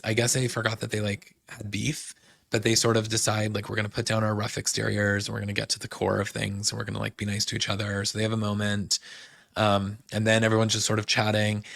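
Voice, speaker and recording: Recapping shows on his podcast, this young man chats casually, quotes people, and leans on fillers such as "like" and "um." His lowish voice is gravelly and a bit bright, recorded at studio quality with no room sound.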